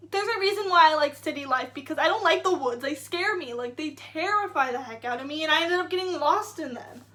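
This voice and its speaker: A young woman with a high, bright voice tells a story to her vlog audience. She chats casually, rambles, leans on "like" and acts out what people said. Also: expressive, brisk. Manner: rambling, says "like" a lot, acts out quotes. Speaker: vlogger.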